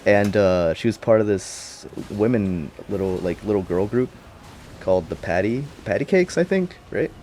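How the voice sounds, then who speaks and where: A young male vlogger with a lowish, darkish voice rambles through a loose, unscripted recap, heavy on slang and casual swearing, hopping from point to point in a chatty way. His intonation is lively and his speed normal, with a little hiss or hum in the audio.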